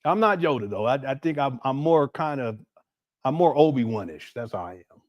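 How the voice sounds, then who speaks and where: A man talking casually on a livestream, breaking into laughter often as he reads viewer messages. His pitch swings widely from low mutters to high exclamations, and the sound is dry and close. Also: sing-song, normal speed, dry recording, muffled recording. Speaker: livestream host.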